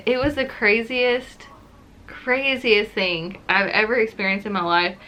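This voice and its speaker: A woman's voice: a little high, steady tone, unhurried, bright, forceful tone. A young woman telling a personal story to her camera in a chatty, casual way, with many "like"s. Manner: chatty, says "like" often. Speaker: vlogger.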